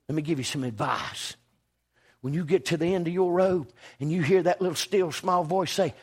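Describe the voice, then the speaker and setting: A folksy preacher telling a scripture story with emphatic, dramatic swings between hushed asides and shouted points. His voice sits high for a man. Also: normal speed, breathy edge. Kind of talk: storytelling sermon.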